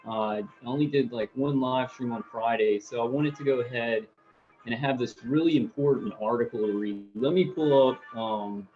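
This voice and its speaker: A man chats through a late-night livestream from home, his voice at an ordinary middle pitch. He talks in a loose, halting ramble, full of fillers, and greets viewers by name as he goes. The sound is dull and lo-fi. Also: faint music behind. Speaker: livestream host.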